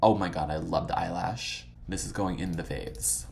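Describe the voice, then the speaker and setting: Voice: low-pitched, normal speed, vocal fry, darkish tone. A vlog host chatting casually while browsing old photos, gushing and swearing freely, full of dramatic exclamations and "like" fillers.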